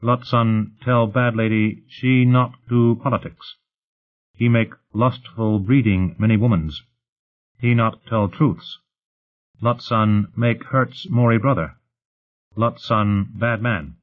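A male narrator putting on a simple creature that gets its meaning across in slow, halting fragments. The voice stays low and unhurried. It comes through a tinny, phone-like recording. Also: steady tone. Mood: plain. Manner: slow, halting, broken grammar. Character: simple creature speaking broken words.

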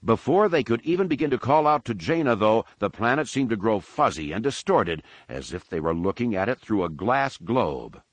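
A man giving a measured, dramatic audiobook narration of an action story. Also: on the low side, very animated, no echo. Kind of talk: scripted narration.

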